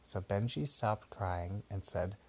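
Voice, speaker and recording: Man, low voice, husky, improvised bedtime story, patient, explaining to a child. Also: slow pace, darkish tone. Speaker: parent telling a bedtime story.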